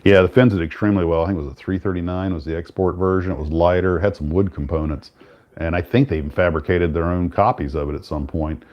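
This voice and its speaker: A man hosting a casual chat, talking in a relaxed, rambling way with many restarts. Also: sits low, quick pace, muffled recording. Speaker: host.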